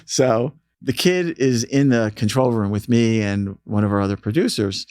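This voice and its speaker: A man telling stories on an interview, relaxed and conversational, with an average pitch. He slips into the voices of the people he is quoting as he goes. The sound is dry and close, with no room echo. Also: moderate pace, clean tone. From United States. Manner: animated storyteller, acts out quoted voices. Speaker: radio programming manager, interview guest. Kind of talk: casual storytelling interview.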